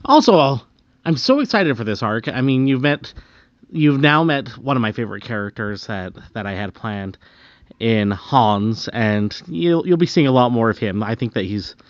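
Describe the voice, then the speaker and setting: A man's voice: medium pitch, animated, normal speed, no room sound, muffled recording. A man hosting the show, thanking listeners in an upbeat, chatty way. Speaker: show host.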